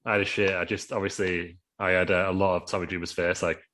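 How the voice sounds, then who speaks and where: A man's voice: sits low, flat delivery, fast, bright, forceful tone, a little hiss or hum. Man's impression of a crude, dismissive wrestler; offhand delivery.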